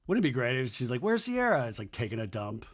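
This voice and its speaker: A man hosting a podcast, recapping a reality show with sarcastic, crude jokes and high-pitched mocking impressions of the cast. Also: fast talker, husky. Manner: animated, jumps into high mocking voices when quoting people. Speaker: podcast host.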